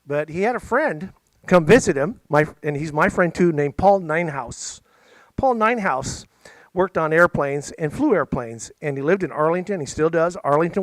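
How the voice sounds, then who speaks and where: A middle-aged man spins a casual, jokey story for a library crowd, full of playful asides. His voice sits a little high. The sound is dry and close, with little room in it. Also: dry recording. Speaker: musician and storyteller.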